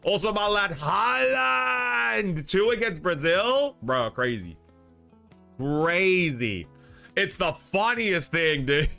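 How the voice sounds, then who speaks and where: A man's voice: sits high, animated, slow pace, gravelly, pushed and bright, faint music behind. A young Australian man with an Australian accent, chatting casually on a livestream, rambling and reading out chat messages. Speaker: streamer.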